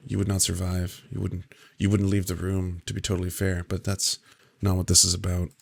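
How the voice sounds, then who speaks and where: A condescending, murmuring intellectual, voiced mockingly by a man. The voice drops low and soft and drags each phrase out as if explaining the obvious. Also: completely flat delivery, creaky, breathy edge, heavily acted. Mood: smug. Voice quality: low, hushed, drawn-out.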